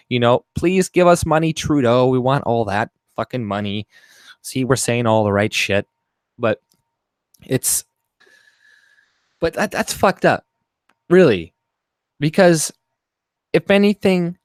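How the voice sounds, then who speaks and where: Man, livestream host, profane mocking rants, mid-pitched, dry close sound. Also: no room sound. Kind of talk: casual livestream rant.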